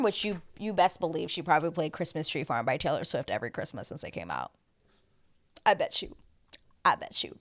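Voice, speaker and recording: Young woman, casual recap vlog, gossipy, low voice, swooping intonation. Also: normal speed. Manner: gossipy, animated, slips into squealing quoted voices. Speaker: reality TV recap vlogger.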